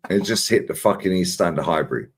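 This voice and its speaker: A man's voice: low voice, fast, breathy edge. A man hosting a casual live chat, telling stories with lots of swearing. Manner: animated, swearing storyteller. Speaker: channel host.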